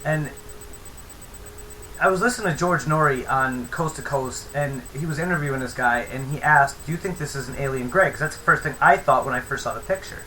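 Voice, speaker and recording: Bright-voiced man telling a story. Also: medium pitch, brisk, a little hiss or hum, poor audio. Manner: rambling, profane, animated storytelling. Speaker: vlogger. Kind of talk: casual storytelling vlog.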